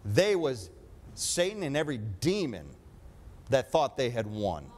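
A man's voice: medium pitch, wildly swooping pitch, unhurried, a little mellow. A man preaching a sermon with emphatic delivery, often calling for an amen.

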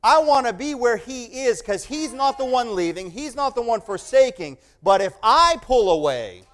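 A man preaching a sermon, animated, swinging from quiet asides to loud, emphatic passages and acting out the voices he quotes. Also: very high voice, normal speed.

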